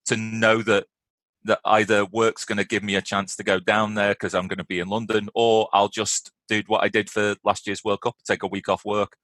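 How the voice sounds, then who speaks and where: A man with a lowish voice speaks earnestly in casual chat, often restarting his words before finishing a thought. The sound is dry and close, with little room around it. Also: little pitch movement, moderate pace, a bit bright, no echo. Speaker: podcast guest and fellow regular.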